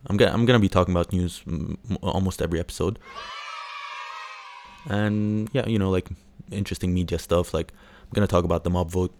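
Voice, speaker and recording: A man's voice: sits low, fairly even intonation, brisk, a little mellow, slight background noise. A man hosting a casual solo podcast, rambling with lots of fillers, swearing and mocking impressions. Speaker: podcast host.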